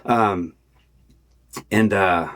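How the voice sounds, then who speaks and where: A man's voice: sits low, very slow, fairly bright tone. A middle-aged man hosting a podcast, telling a personal story in an earnest, casual way with many restarts. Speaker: podcast host and youth football coach.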